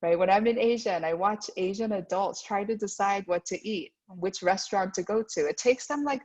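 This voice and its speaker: An American woman speaks to parents as a guest presenter at a school, often checking in with "right?" and acting out the voices of people she quotes. Her voice is medium-pitched with a darkish tone, delivered at a moderate pace. The lo-fi recording sounds dull.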